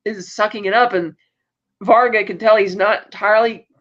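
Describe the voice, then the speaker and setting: Animated podcast host recapping a show. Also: mid-range voice, normal speed, muffled recording. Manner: animated, acts out characters' lines in quotes; rambling with frequent fillers and self-corrections. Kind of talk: casual TV episode recap.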